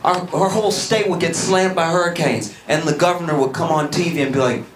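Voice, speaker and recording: A man from Louisiana doing a stand-up set in a comedy club, acting out quoted voices and yelling the punchlines. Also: on the high side, fairly quick, a little hiss or hum. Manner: animated, acts out quoted voices with loud yelling bits. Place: comedy club stage with audience. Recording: roomy club sound with loud audience.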